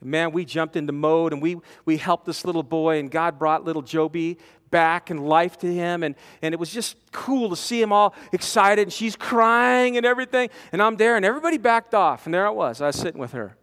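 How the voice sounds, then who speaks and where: A man preaching a storytelling sermon, animated, with stammering restarts, swinging from loud to hushed. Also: high-pitched, a little fast, clear, resonant tone. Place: large conference hall. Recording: long reverb of a conference hall.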